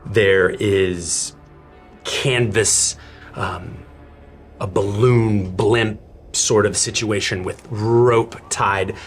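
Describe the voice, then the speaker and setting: A man narrating a tabletop game as game master, telling the story dramatically with halting restarts. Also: fairly low pitch, steady tone, soft background music.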